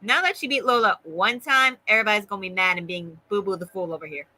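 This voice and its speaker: A woman's voice: medium pitch, fast, pushed and bright, poor audio. A woman co-hosting a casual chat, sassy and emphatic. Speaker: co-host.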